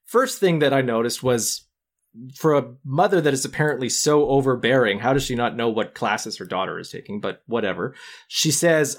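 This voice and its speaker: A man's voice: mid-range voice, expressive, a little fast. A young adult man co-hosting a podcast, animatedly retelling movie scenes with quoted lines. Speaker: podcast co-host. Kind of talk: casual film discussion.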